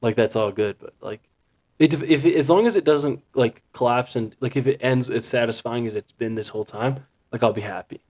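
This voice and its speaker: Young male co-host, mid-pitched, laid-back casual chat, often restarts his sentences. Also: a little mellow. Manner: easygoing, agreeable, halting restarts. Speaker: podcast co-host.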